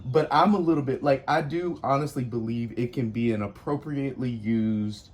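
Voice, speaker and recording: A man's voice: mid-range voice, moderate pace, darkish tone, a little hiss or hum. Frank, playful man chatting. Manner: frank, playful, outspoken, laughs a lot. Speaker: podcast host. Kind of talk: casual conversation. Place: outdoors on a porch.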